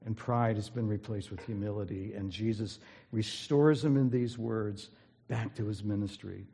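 A man's voice: on the low side, steady tone, normal speed, creaky, mellow, slightly rough. A man preaching a sermon as pastor, earnest and emphatic, building energy as he retells a story, recorded in a church sanctuary. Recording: long reverb of a large hall.

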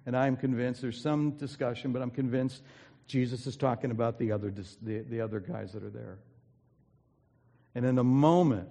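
A man's voice: medium pitch, normal speed, gravelly, warm tone. A man preaching a sermon as pastor, earnest and emphatic, building energy as he retells a story, recorded in a church sanctuary. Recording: long reverb of a large hall.

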